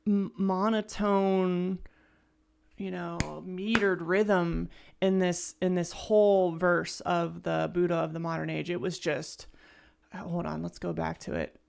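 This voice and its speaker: A woman reacts to music on her own channel in an unhurried, soft-spoken way. Her voice sits a little low and has a gravelly edge. She gushes with praise, trailing off and restarting her thoughts as she goes. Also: flat delivery, a little hiss or hum. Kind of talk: casual first-listen album reaction.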